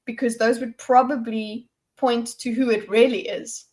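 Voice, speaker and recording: A woman co-hosting a casual book discussion, excited and laughing while she thinks aloud. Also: fairly high pitch, measured pace. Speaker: book club co-host.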